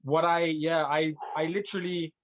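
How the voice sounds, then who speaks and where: Relaxed man musing on a podcast. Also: on the high side, moderate pace, dull audio. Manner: relaxed, hesitant, many fillers. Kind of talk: casual interview chat.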